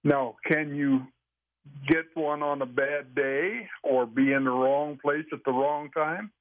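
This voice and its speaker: A man's voice: fairly high pitch, steady tone, slow, no echo. An older man telling folksy, rambling stories in casual conversation, with frequent restarts. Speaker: podcast guest sharing Sasquatch experiences. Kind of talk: casual storytelling chat. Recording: tinny phone-line audio.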